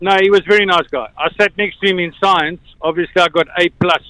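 A man's voice: high-pitched, fairly even intonation, fast talker, sharp tone, dry recording, poor audio. A man in his fifties with a South African accent, calling a radio show and eagerly telling a story. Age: 50s. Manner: eager storyteller, laughs between points. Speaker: radio caller. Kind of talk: casual phone-in chat.

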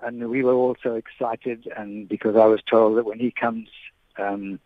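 Older man, halting, on a tinny phone line. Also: on the low side, level tone, no echo. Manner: hesitant, many repeated words and restarts. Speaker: guest, veteran sports broadcaster. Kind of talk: phone-in reminiscence.

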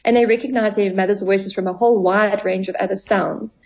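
This is a woman therapist on the radio, her medium-pitched voice steady, slightly mellow and a little fast. She explains at length and plays out client dialogues, though the recording sounds muffled.

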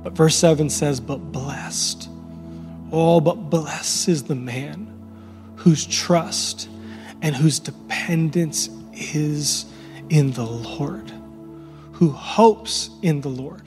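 A man's voice: on the high side, drawn-out words, darkish tone, breathy edge. A man preaching a sermon as pastor, passionate and repetitive, building to rising crescendos. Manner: impassioned preaching, repeats words, builds to crescendos. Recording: long reverb in a large hall, faint music.

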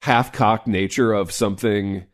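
A man's voice: lowish voice, steady tone, measured pace. A man co-hosting a sports podcast in casual chat, loose and rambling with lots of filler words.

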